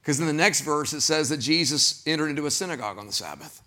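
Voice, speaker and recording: A man preaching a sermon as pastor, animated, acting out quoted voices and putting questions to the congregation. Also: fairly high pitch, quick pace.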